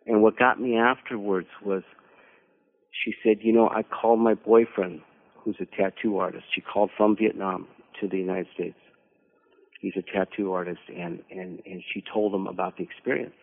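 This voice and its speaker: A man telling a personal story as a guest on a radio conversation, halting and repeating words as he searches for them. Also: low-pitched, creaky. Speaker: mission team leader, radio guest. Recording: narrow phone-like radio audio.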